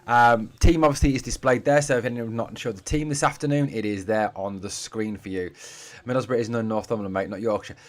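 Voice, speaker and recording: A football fan channel host from Durham, northeast England, speaks briskly at medium pitch with fairly even intonation. During a live watch-along from a home room that's being packed up for a move, he reads viewer comments and chats back, addressing people as "mate" and "guys."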